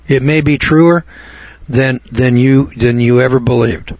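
A man's voice: mid-range voice, level tone, a little slow, a little mellow, no room sound. A man from the United States preaching a sermon in a blunt, folksy, repetitive manner. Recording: dull lo-fi recording.

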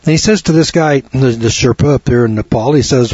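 A man's voice: mid-range voice, fast, few pauses, a little mellow, slightly rough, no echo. A man giving a rambling, folksy health talk to an audience, acting out quoted dialogue as he goes. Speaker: health lecturer. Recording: dull lo-fi sound.

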